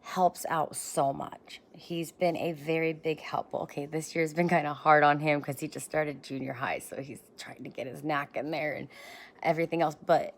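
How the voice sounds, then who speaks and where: A woman's voice: deep voice, steady tone, normal speed, vocal fry. A woman in her thirties talking casually and encouragingly into a handheld phone, bubbly and chatty with rambling asides. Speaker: vlogger. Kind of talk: casual motivational talk to camera.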